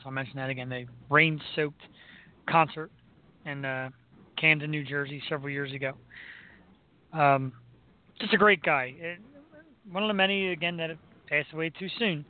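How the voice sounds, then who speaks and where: A man hosting a casual chat about music, goofy and quick to break into silly imitations. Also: a little high, fairly even intonation. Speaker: podcast host. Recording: tinny phone-line sound.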